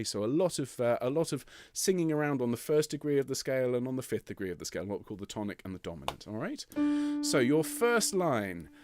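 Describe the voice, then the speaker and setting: A man's voice: medium pitch, darkish tone, no echo. A man leading a choir rehearsal, patiently explaining phrases and singing lines for his singers. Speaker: choir director. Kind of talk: online choir rehearsal teaching. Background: piano.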